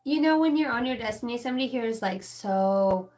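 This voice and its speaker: A woman's voice: fairly high pitch, animated, brisk, darkish tone. A woman giving a rambling, casual channeled reading, swearing freely and talking straight to her listeners. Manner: rambling, profane, chatty. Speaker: spiritual channeler.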